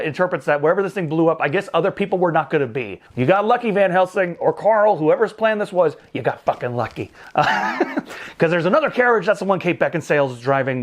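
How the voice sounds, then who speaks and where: Animated, wisecracking male movie reviewer. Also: on the high side. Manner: animated, joking, exasperated asides, swears casually. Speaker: movie reviewer, show host. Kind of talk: casual comedic movie recap.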